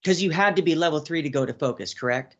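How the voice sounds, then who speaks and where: A man's voice: a little high, fast talker, fairly bright tone. A man hosting a podcast interview, mostly giving short agreeing replies and questions. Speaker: podcast host. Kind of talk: casual interview. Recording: dull lo-fi sound.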